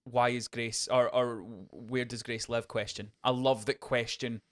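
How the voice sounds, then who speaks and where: A young man co-hosting a podcast, chatting excitedly about a film and acting out quotes in voices. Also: medium pitch, a little slow. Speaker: podcast co-host. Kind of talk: casual film review chat.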